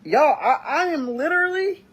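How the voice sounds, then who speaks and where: A man giving an emotional reaction monologue, fighting back tears, slow and halting with sighs and pauses. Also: very high voice, lively intonation, fairly bright tone. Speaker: vlogger reacting to news.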